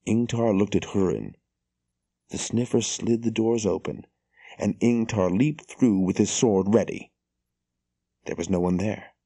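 A male audiobook narrator with a deep, dark and mellow voice. He tells the story in a measured, steady way, recorded close and dry with no room sound. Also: dry recording.

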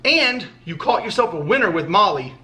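Vlogger, male, high bright voice, loose and profane, reads fan mail aloud. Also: very animated, normal speed. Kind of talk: casual unboxing chat.

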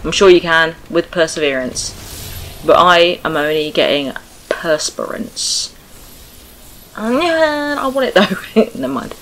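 Sweary British woman yelling at a game. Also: low-pitched, measured pace, a little hiss or hum, rough recording. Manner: swears, shouts at the game, laughs often. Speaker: gaming streamer. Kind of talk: casual let's-play commentary.

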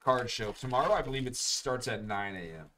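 A man's voice: mid-range voice, lively intonation, brisk, pushed and bright. A young man hosting a live card break, chatting casually and calling out each card as he opens packs. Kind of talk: live-streamed pack opening chat.

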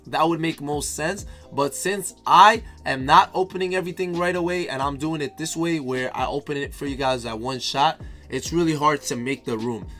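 Man, slightly higher voice, casual gaming commentary, hyped, repeats himself, faint music behind. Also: moderate pace, hardly any pauses, a bit bright. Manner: hyped, talks to viewers, repeats phrases. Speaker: gaming YouTuber. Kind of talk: casual pack-opening commentary.

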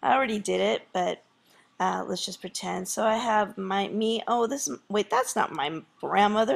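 A woman's voice: mid-range voice, moderate pace, creaky. A woman teacher walking through a screen tutorial in a casual way, thinking aloud with fillers.

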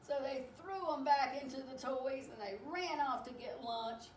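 A woman reading a picture book aloud to children, animated and expressive as she tells the story. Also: high voice, unhurried. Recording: echoey room, distant mic, faint hiss.

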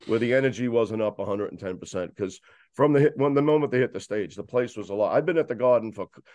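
Animated New man recalling a concert. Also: fairly low pitch, fast, no echo. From New York. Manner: animated, rambling with restarts. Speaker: guest describing a concert. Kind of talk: casual chat.

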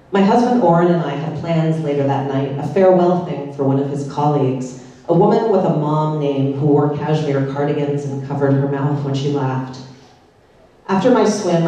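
A woman reading her own fiction aloud with dry, deadpan delivery at a public literary event in a large synagogue hall. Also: low voice. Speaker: author reading her novel. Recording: echoey hall from far off.

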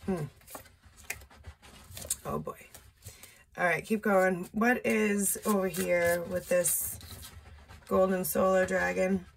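A woman doing a casual solo tarot reading, slow and musing, thinking aloud with blunt asides. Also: on the low side, steady tone, gravelly, slight background noise. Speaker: tarot reader. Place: indoor room with a window.

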